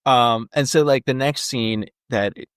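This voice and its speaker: A man's voice: mid-range voice, unhurried, a bit bright, smooth, no room sound, clean studio sound. A man co-hosting a podcast, chatting casually about a movie with lots of fillers and jokey asides. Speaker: podcast co-host. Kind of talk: casual movie-discussion chat.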